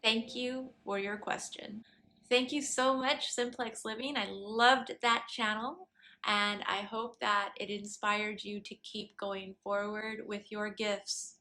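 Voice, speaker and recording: A woman's voice: medium pitch, steady tone, slow pace, bright, forceful tone. A woman hosting a spiritual podcast, earnestly introducing channeled answers to listener questions. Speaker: host and channeler.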